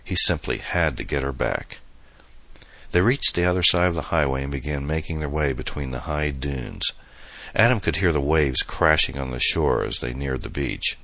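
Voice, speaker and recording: A man reading an audiobook novel as narrator, in steady, measured storytelling. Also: rumbling low, dry recording. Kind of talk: scripted narration.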